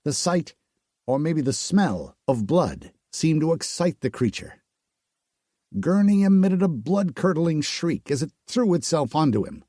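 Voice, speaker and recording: A male audiobook narrator tells a grim story at an unhurried, dramatic pace. His voice sits a little high and moves a lot in pitch, recorded dry with no room sound. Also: darkish tone, dry recording. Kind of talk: scripted narration.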